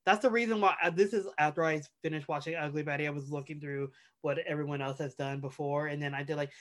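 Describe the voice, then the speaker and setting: A podcast co-host, male, speaks quickly in a slightly high, a bit bright voice with fairly even intonation. He chats casually and rambles, leaning on fillers and frequent restarts.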